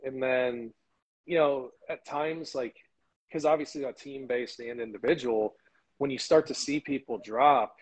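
A man with a husky voice speaks as an interview guest over a phone call. His talk is loose and casual, full of fillers. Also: medium pitch, a little slow.

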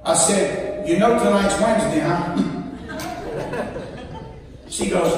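A man's voice: sits high, takes it slowly, long pauses, a crowd in the background. A man preaching as a guest evangelist, telling a funny story with playful asides to the congregation. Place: church sanctuary. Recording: echoey church hall, distant mic, noisy.

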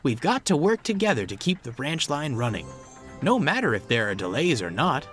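A man's voice: mid-range voice, big pitch swings, normal speed, a bit bright, soft background music, voice pushed up. A man voicing an earnest, flustered young male bus in a storybook reading. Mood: eager. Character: dependable young male bus, anxious and eager. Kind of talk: storybook narration.

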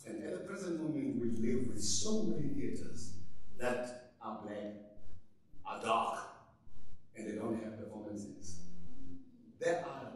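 A man speaks slowly and reflectively, circling back on his words as he pays tribute. He is heard from a distance in a large theater hall with a long, echoing reverb and a faint hiss behind him. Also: medium pitch, animated. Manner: rambling, reflective, with restarts and side remarks. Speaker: speaker and program director at a memorial. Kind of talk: unscripted tribute speech. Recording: echoey hall from far off, faint noise.

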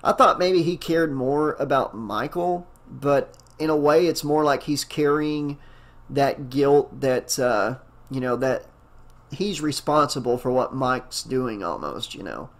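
A male audiobook narrator with a voice that is wearing hoarse. He reads the story aloud and then slips into loose, enthusiastic talk, full of ums and asides. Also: medium pitch, takes it slowly. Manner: rambling, enthusiastic, many fillers. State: hoarse, losing his voice. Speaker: audiobook narrator and channel host. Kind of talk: audiobook narration and casual commentary.

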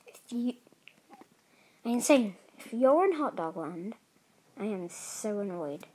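A young woman giving casual, excitable commentary while playing a game with others. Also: medium pitch, slow, breathy edge, low-quality recording. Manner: playful, excitable, talks to other players. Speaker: gaming video host.

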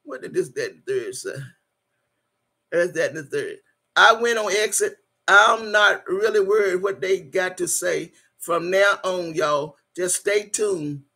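A woman's voice: on the low side, a little slow, bright, forceful tone, husky. A woman hosting a casual livestream. She reads viewer comments aloud, laughs often and calls the viewers "y'all". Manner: urges viewers to like and subscribe. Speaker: channel host.

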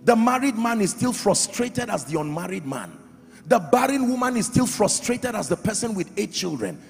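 A man preaching a sermon as pastor, emphatic, swinging from loud shouts to quiet drops. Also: high-pitched, animated, normal speed, gravelly. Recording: reverberant hall with faint music.

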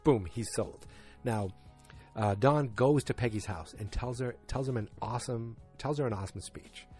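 A man's voice: medium pitch, normal speed, darkish tone, faint music behind. A man hosting a podcast, recapping a TV episode in a casual, rambling and enthusiastic way. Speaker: podcast host.

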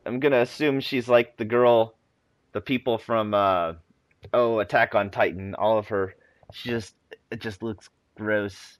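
A man's voice: fairly low pitch, steady tone, unhurried, no room sound. A young man giving casual, chatty commentary on a video game, wondering aloud as he plays.

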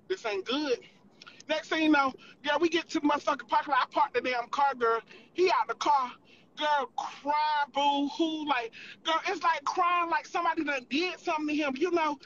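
A storyteller spilling gossip on a livestream, profane and animated, constantly calling the listener girl and boo. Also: high-pitched, muffled recording, a little hiss or hum.

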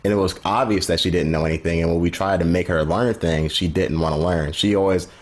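A man's voice: deep voice, fairly even intonation, fairly quick. A man co-hosting a podcast, telling a work story in casual chat. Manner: storytelling, mocking voices of others. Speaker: podcast co-host.

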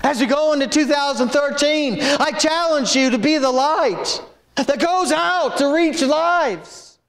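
High-voiced country preacher, echoey church. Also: male voice, unhurried. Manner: folksy storytelling with sudden shouted exhortations. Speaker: pastor. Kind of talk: sermon. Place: church sanctuary.

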